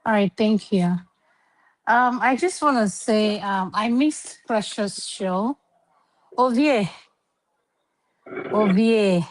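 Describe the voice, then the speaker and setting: A woman's voice: mid-range voice, takes it slowly, pauses often, low-quality recording. A Nigerian woman moderator on an online panel, chatty and assertive. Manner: assertive and chatty, pleading then scolding.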